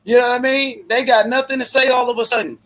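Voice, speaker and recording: A man hosting a casual boxing talk stream, talking loud, profane trash. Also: very high-pitched, little pitch movement, fast. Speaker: host.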